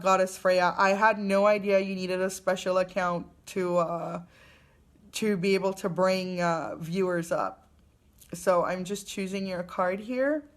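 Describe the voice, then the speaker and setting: A woman, a young adult mother, gives a live spiritual card reading to viewers in a gentle, affirming way, with many fillers and restarts. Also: medium pitch.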